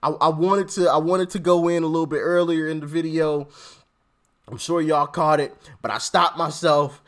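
A man's voice: on the high side, steady tone, moderate pace. A man giving casual political commentary on his vlog, laughing often and stammering through repeated restarts. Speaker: commentary vlogger.

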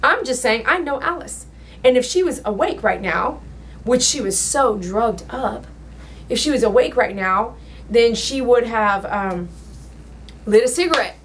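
A woman who works as a dog groomer, telling a personal story in her salon while she works, rambling and emotional with sudden loud exclamations. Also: on the high side, animated, measured pace, slight background noise. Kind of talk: casual storytelling while working.

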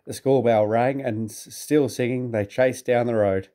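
A man with a British accent narrating a children's storybook in a measured, gently expressive way. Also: mid-range voice.

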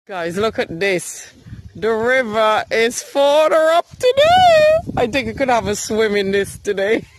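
A woman's voice: a little high, wildly swooping pitch, a little slow, a little hiss or hum. A woman vlogging outdoors by a river while walking her dog, talking to it in a coaxing, sing-song way. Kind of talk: casual outdoor vlog chat.

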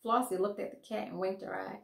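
A woman teacher reading a children's story aloud with expressive storytelling, heard in an echoey room. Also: mid-range voice, brisk, gravelly.

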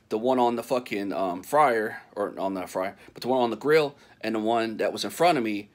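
Middle-aged man, casual storytelling, heavy swearing, rambling, chuckling often, mid-pitched voice. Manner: profane, rambling, laughs often.

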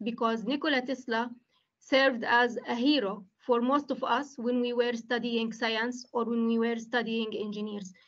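A woman academic hosting a webinar over a video call, speaking haltingly with many fillers and restarts. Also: on the high side, muffled recording.

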